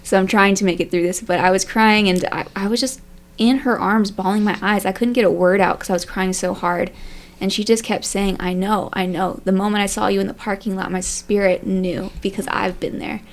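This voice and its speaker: Speaking a little fast in a steady, mid-range voice, this young woman is on a faith podcast panel. She recounts a heartfelt story from her own life, chatty and emotional, her speech full of fillers and "like"s.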